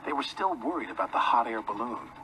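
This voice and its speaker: A man narrating a children's story in a lively, expressive storytelling manner. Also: medium pitch, a little fast, rough recording. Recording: narration with music behind. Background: music.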